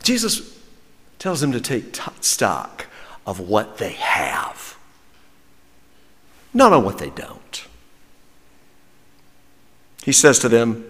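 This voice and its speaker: A man, a pastor preaching a sermon with lively, wry humor. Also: mid-range voice, takes it slowly, long pauses. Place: church sanctuary. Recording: long reverb of a church sanctuary.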